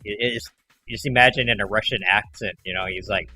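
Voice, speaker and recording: A man hosting a livestream, chatting casually in a rambling way and acting out callers in animated voices. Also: on the low side, a little fast, a little hiss or hum. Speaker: livestream host.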